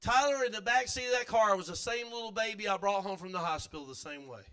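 Middle-aged guy preaching in church, really high voice, gets the crowd to repeat after him, yells sometimes. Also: fast talker, clean tone. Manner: fervent preaching with call-and-response, at times shouting. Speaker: pastor. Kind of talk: sermon. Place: church sanctuary.

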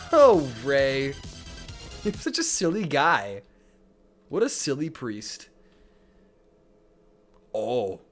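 A young man gives relaxed let's-play commentary, laughing, mocking himself and swearing freely. He talks slowly, and his pitch swings widely from low mutters to high yelps. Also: soft background music. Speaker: gaming streamer.

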